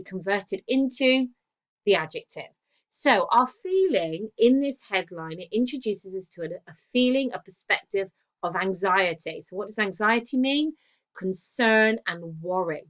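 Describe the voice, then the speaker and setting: A woman's voice: mid-range voice, a bit bright, dull audio. A woman English teacher giving a recorded lesson. She explains step by step, asks the class questions and praises their answers.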